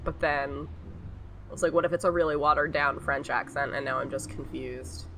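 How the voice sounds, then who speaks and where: A woman's voice: low voice, fairly even intonation, brisk, bright, forceful tone, a little hiss or hum. Chatty woman narrating her gameplay. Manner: chatty, muses aloud, second-guesses herself. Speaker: game streamer. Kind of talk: casual commentary over gameplay.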